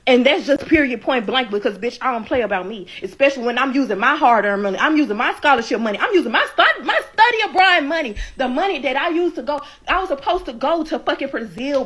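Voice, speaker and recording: Furious high-voiced young woman ranting. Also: expressive, fast talker, hardly any pauses, fairly bright tone. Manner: heated, swearing, repeats phrases for emphasis. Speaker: tenant telling her eviction story. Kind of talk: angry profane rant. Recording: echoey room with faint noise.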